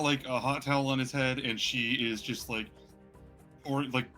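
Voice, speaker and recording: A man's voice: mid-range voice, sharp tone. A man narrating a tabletop game as game master, rambling with many fillers.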